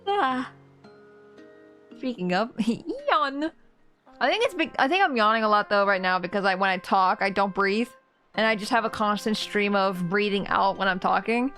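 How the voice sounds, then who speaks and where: A woman's voice: mid-range voice, normal speed, fairly bright tone, faint music behind. A woman streamer chatting casually while she plays a game, rambling and laughing often.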